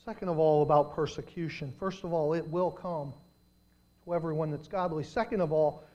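A man preaching a sermon, telling a story with dramatic swings from loud to hushed. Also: on the high side, normal speed, lo-fi sound.

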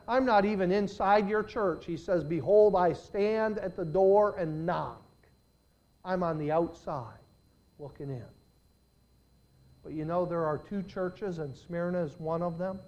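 Slow, emphatic older male preacher. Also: sits high. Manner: swings from hushed to loud, emphatic preaching. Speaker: pastor. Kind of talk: sermon.

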